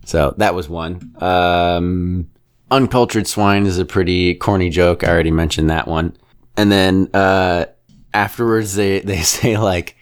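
In a low, smooth, steady voice, this podcast co-host chats casually about a film, rambling and voicing strong opinions. He keeps slipping into quick impressions of the characters.

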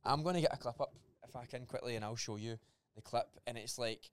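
Smooth-voiced Scottish man, emphatic. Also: medium pitch, fast, dry recording. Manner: emphatic, talks in bursts with many "aye"s. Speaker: podcast co-host and strength coach. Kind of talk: casual chat.

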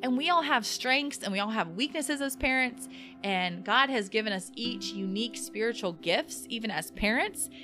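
A woman's voice: fairly high pitch, lively intonation, moderate pace. A woman hosting a parenting podcast, speaking in an earnest, encouraging and confiding way as she talks about her own family. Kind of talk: personal podcast monologue. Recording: guitar music playing underneath. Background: guitar music.

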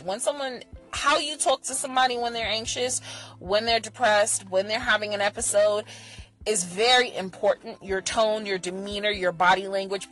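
A woman talking candidly in a personal vlog, bluntly profane, swinging between heated rants and soft, soothing reassurance. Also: mid-range voice, poor audio. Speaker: vlogger sharing personal experience.

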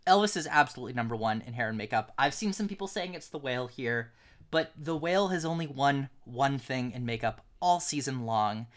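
A man co-hosting a film podcast in relaxed conversation. His voice is bright and forward. He talks emphatically, hammering points home by saying them twice. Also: medium pitch, a little fast. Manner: emphatic, repeats points for stress. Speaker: podcast co-host. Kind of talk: casual chat.

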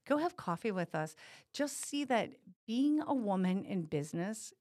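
A woman's voice: medium pitch, big pitch swings, normal speed. A woman co-hosting a podcast in casual chat, telling personal stories in an encouraging, reflective way. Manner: warm storyteller, encouraging, reflective. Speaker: podcast co-host.

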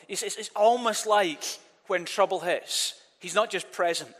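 A man with a fairly high voice preaches a sermon in an earnest tone, doubling back on his words and asking the congregation to speak with him. His voice rings with a long reverb from a church hall. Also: normal speed, a bit bright. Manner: earnest, repeats words, leads the congregation in call-and-response.

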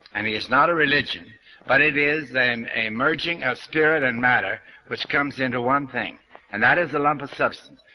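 Bright-voiced man giving a spiritual lecture. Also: medium pitch, low-quality recording. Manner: conversational, folksy, quotes scripture. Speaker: New Thought lecturer. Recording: archival lecture recording.

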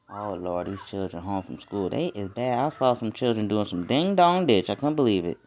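A woman's voice: a bass voice, lively intonation, moderate pace, hardly any pauses, a little mellow. A young woman hosting a solo podcast, chatting casually with lots of swearing and laughter. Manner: profane, laughing, rambling. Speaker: podcast host.

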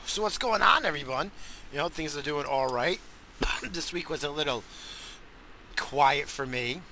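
A man hosting a casual rambling monologue, swinging from loud hyped shouts to low muttering, swearing often and coughing now and then. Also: expressive, unhurried, slight background noise. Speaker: podcast host.

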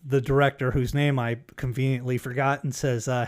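Male podcast host, casual profane storyteller, mid-pitched voice. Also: flat delivery, brisk. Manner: profane storyteller, acts out quotes. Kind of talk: casual chat.

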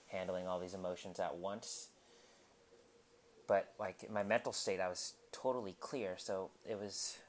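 A young man in his twenties telling a personal story in a candid, halting way, with many ums and restarts, recorded at home. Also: low voice. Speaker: podcast host. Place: his apartment, cleaning up. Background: household noise.

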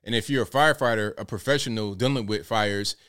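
A man's voice: lowish voice, fast, a bit bright, clear, resonant tone. A man hosting a call-in talk show, talking casually and loosely and repeating himself. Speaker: host.

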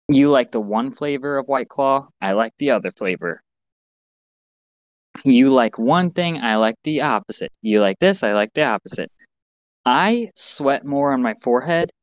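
A man co-hosting a podcast, chatting casually and swearing, animated. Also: measured pace, no echo. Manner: animated, swearing, mimics others in a higher voice. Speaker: podcast co-host. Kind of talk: casual chat. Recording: dull lo-fi sound with faint noise.

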